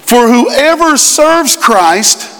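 A middle-aged male pastor preaching a sermon in a church, animated and shouting at times. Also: very high-pitched, drawn-out words. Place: church sanctuary. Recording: live church recording with hall reverb.

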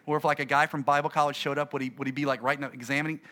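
A middle-aged man, a pastor, gives an animated, conversational talk to fellow preachers and acts out his stories. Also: on the high side, very fast.

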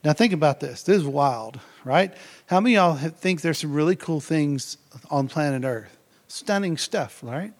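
A man preaching a sermon in a lively, conversational way, often tagging his lines with "right?" and building up to excited near-shouts. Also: on the high side, moderate pace. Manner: energetic, conversational, keeps asking "right?".

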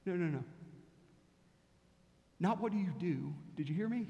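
High-voiced male pastor preaching in reverb. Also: lively intonation, moderate pace, long pauses, warm tone. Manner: storytelling, repeated rhetorical questions. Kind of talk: sermon.

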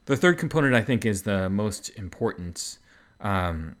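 Male podcast host, deep voice, easygoing explainer with filler words. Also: unhurried. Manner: relaxed, explanatory, many fillers. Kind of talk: casual explanatory podcast talk.

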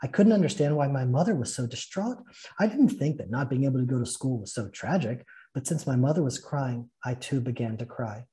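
A man's voice: mid-range voice, expressive, brisk, dark tone. A man teaching a spiritual fellowship session, telling and reading a story earnestly and with feeling. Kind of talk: spiritual talk and read-aloud story.

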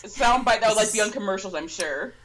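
A woman's voice: medium pitch, animated, fairly quick, crowd noise, low-quality recording. A woman co-hosting a podcast in casual chat, tossing in dry, teasing quips. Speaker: podcast co-host.

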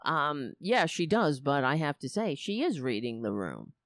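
A woman's voice: sits low, very animated, measured pace, no echo, studio quality. A woman hosting a political livestream from a cheap home microphone, ranting bluntly and swearing as she talks to her chat. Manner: blunt, profane, exasperated. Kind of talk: casual ranting commentary to a live chat. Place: home setup. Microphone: cheap home microphone with headphones.

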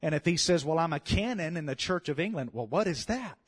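A man with a Louisiana Southern accent preaching a sermon, building his lines up to loud calls and amens. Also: a little high, fairly quick, husky. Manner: animated, swells to loud calls of "come on" and "amen".

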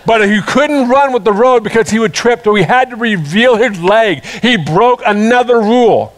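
A man preaching a sermon, retelling a parable with animated storytelling and acted-out voices. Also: sits high, moderate pace.

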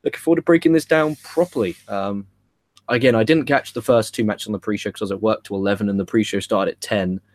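A man's voice: on the low side, quick pace. Swearing, rambling young man. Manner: animated, rambling, swears freely. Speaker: podcast co-host. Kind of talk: casual wrestling review chat.

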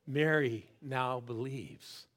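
A middle-aged man preaching a sermon, swinging from loud calls to quiet, intense asides and pushing the crowd to answer back. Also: mid-range voice, takes it slowly. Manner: urges the crowd to respond. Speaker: guest preacher.

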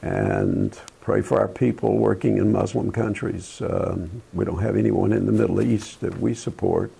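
Older male Christian talk host, deep gravelly husky voice, halting, earnest and preachy delivery. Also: expressive, mellow. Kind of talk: casual talk about current events.

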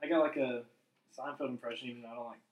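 A man's voice: medium pitch, fairly even intonation, very fast. A man hosting a casual podcast with friends, goofing around and steering the talk with questions. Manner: goofy, steering the talk, joking. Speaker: podcast host. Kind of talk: casual chat among friends. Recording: roomy echo.

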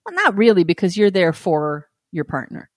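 A woman's voice: lowish voice, very animated, normal speed, no room sound. A woman co-hosting a podcast, teasing her partner in casual chat, laughing readily and giving frank relationship advice. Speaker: podcast co-host.

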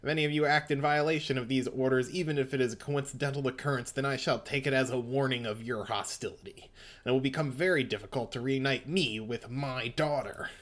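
A man voicing a cold, secretive male gang boss who reads out formal orders in a measured way. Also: medium pitch, fairly bright tone, lightly acted. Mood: commanding.

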